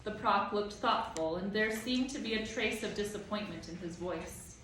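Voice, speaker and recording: A woman teacher reads a novel aloud to her class in a steady, plain manner. The classroom echoes heavily around her. The mic is far away, with faint room noise behind her. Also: mid-range voice, moderate pace.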